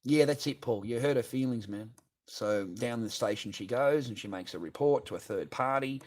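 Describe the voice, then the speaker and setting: An Australian man rants on a live stream in a voice of ordinary middle pitch. He swears freely and talks in a blunt, combative way. He reads viewers' comments aloud and argues back at them. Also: moderate pace. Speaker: livestreamer. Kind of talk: ranting live stream chat.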